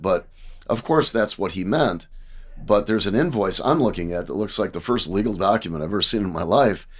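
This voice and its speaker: A man in his sixties from the American Midwest, telling lively anecdotes as a podcast guest and often checking in with "right?". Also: fairly low pitch. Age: 60s. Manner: animated anecdotes, acting out dialogue, frequent "right?". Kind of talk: casual storytelling.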